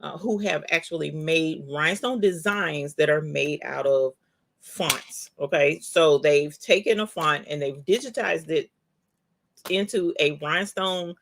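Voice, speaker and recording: Chatty folksy woman with a gravelly edge. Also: low-pitched, a little slow, a bit bright. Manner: chatty, folksy, talks straight to viewers. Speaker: crafting livestream host. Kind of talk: casual live tutorial.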